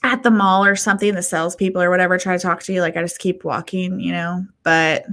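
A fast-talking woman with a fairly low-pitched voice co-hosts a podcast, telling a story in casual chat. Her style is animated: she swears freely and acts out people's quotes.

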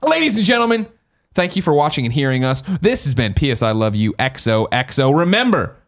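A man's voice: medium pitch, big pitch swings, brisk. A man hosting a podcast in a studio, reading listener mail in a boisterous, playful, profane way. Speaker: podcast host.

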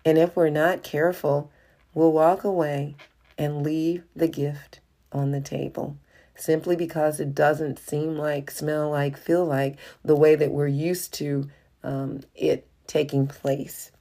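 A woman's voice: low voice, flat delivery, takes it slowly, dark tone. A woman leading a Bible study. She reads scripture aloud and then explains it conversationally, with frequent fillers. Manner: frequent "uh" and "you know" fillers. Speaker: Bible teacher.

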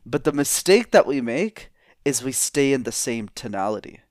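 A man's voice: mid-range voice, normal speed, no echo, studio quality. A man talking as a guest in an interview, coaching on public speaking and shifting his tone up and down to demonstrate. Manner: animated, demonstrates vocal tones. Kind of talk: energetic interview talk.

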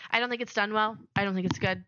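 A woman's voice: medium pitch, fairly even intonation, fast talker, pushed and bright, dry recording, highs cut off. A young woman co-hosting a casual podcast chat, blunt, emphatic and scornful in her opinions. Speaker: podcast co-host.

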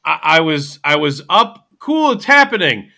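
A man's voice: fairly high pitch, big pitch swings, measured pace, gravelly, bright, forceful tone. A man hosting a casual podcast chat, rambling and thinking aloud as he talks. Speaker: podcast host.

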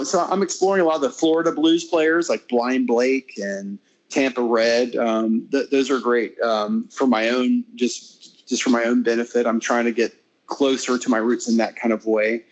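Casting: middle-aged American man, musician guest, chatty and meandering, lots of false starts, mid pitch. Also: unhurried, low-quality recording. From United States. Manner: rambling, many restarts and fillers, animated when retelling. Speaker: classical guitarist and interview guest. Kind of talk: casual conversational interview.

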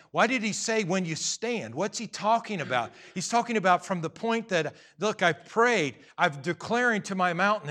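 Bright-voiced male pastor preaching. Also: high-pitched. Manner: conversational preaching with humor and acted asides. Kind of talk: sermon.

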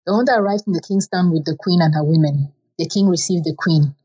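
A woman with a slightly husky, lowish voice reads an old folk tale aloud. Her telling is plain and steady, with simple repeated phrasing and an unhurried rhythm. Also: poor audio. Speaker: storyteller.

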